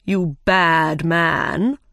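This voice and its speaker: A stern, bossy storybook king gives slow, commanding orders, as a woman puts him on. The voice stays close to her own reading voice. The recording is dry and close. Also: deep voice, steady tone, vocal fry, sharp tone, dry recording, exaggerated voice.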